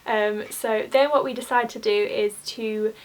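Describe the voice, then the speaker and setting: Chatty young woman, higher voice. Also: fairly even intonation, unhurried. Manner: chatty, exasperated, uses "like" often. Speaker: vlogger, former theme park cast member. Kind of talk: casual storytime.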